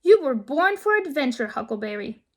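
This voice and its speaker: A woman voicing a kind, gruff, big male guide in a storybook, gentle and encouraging. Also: sits high, very animated, normal speed.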